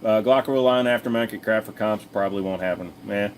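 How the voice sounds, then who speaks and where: A man with a lowish voice hosts a casual livestream at a quick pace, with slight background noise. He replies to chat in a rambling, profane, blunt way packed with fillers, talking chattily right to viewers.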